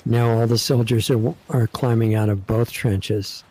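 A man's voice: mid-range voice, a little slow, breathy edge, poor audio. A man hosting an online talk show, casually retelling a film scene and acting out what the characters think. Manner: animated, acts out characters' thoughts.

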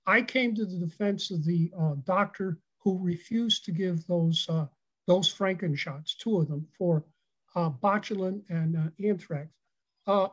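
High-voiced man, halting and emphatic. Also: rough recording. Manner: halting, many fillers, emphatic. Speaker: guest expert, doctor. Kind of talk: interview answers over a call.

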